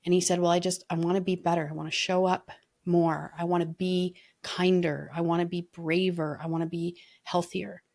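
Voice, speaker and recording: A woman's voice: on the low side, flat delivery, moderate pace, gravelly, a little mellow. A woman leadership coach talking in an earnest, reflective way, telling stories in a casual podcast conversation.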